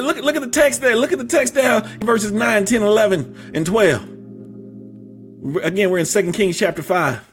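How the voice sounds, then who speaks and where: High-voiced preacher building to shouts. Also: male voice. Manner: emphatic, repetitive, builds to shouting; humorous storytelling with stammered restarts. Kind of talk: sermon.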